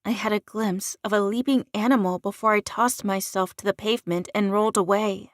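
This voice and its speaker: A woman narrating an audiobook in a measured, unhurried reading. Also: mid-range voice, fairly even intonation, no echo, studio quality.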